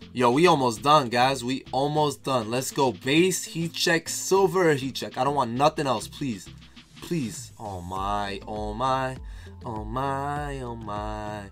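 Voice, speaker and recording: A man's voice: fairly high pitch, a bit bright. A man giving casual, hyped commentary while opening packs in a video game, talking straight to his viewers and repeating phrases. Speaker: gaming YouTuber.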